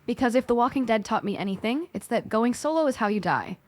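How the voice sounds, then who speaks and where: A woman's voice: a little high, lively intonation, fast talker, darkish tone. A woman co-hosting a scripted podcast, talking in a playful way full of gaming slang. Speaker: co-host.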